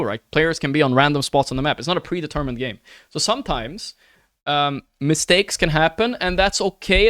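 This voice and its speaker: A man's voice: on the high side, fairly bright tone, no room sound. A man streaming live and ranting to his chat. He swears often, keeps asking "right?" and calls his listeners brother in an earnest, pleading way.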